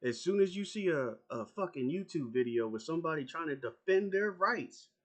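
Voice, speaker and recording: A man with a fairly high voice rants straight at the camera, combative and profane. He hammers the same points again and again. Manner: profane, confrontational, repeats himself. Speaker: YouTuber. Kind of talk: angry political rant to camera.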